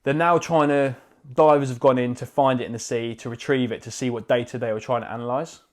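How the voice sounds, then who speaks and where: A man's voice: medium pitch, fairly even intonation, a little fast. A man co-hosting a podcast, casual chat, joking and swearing as he acts out voices. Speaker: podcast co-host.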